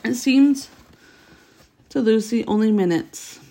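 A woman's voice: fairly high pitch, slow, warm tone. A woman reading a children's story aloud, unpolished, with stumbles and self-corrections.

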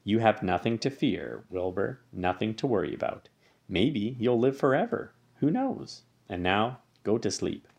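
A man voicing a wise, gentle female spider who speaks calmly and soothingly. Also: lowish voice, a little slow, creaky, full character voice. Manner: calm and soothing.

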